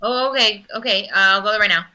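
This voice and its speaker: A woman's voice: medium pitch, fast talker, bright, forceful tone, rough recording. A woman playing a tabletop game, chatting casually and asking lots of questions. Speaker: player.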